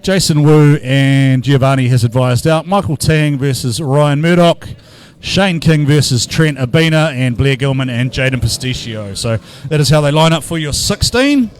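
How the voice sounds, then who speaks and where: A man's voice: medium pitch, normal speed, few pauses, smooth. A man commentating live at an outdoor drift event, bantering and teasing the crowd between battles.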